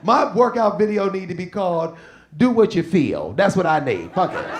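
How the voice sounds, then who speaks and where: Male stand-up comic with a very high, gravelly voice, slangy and loud, live club mic with crowd noise. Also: sing-song, normal speed. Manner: loud, shouting punchlines; casual slang, drawled asides. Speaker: stand-up comedian. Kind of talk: stand-up comedy set. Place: comedy club stage.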